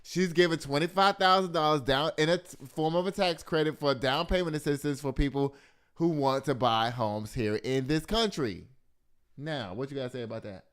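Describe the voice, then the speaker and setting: A man's voice: fairly high pitch, moderate pace, fairly bright tone, smooth. A man hosting a casual news and gossip commentary show, talking straight to his viewers as "y'all" and swearing freely.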